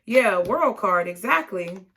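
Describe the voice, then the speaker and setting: A woman's voice: mid-range voice, animated, slow pace, fairly bright tone. A woman giving a casual, encouraging tarot reading to her viewers, often checking in with "okay?". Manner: encouraging, repeats words, many "okay?" asides. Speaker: tarot reader.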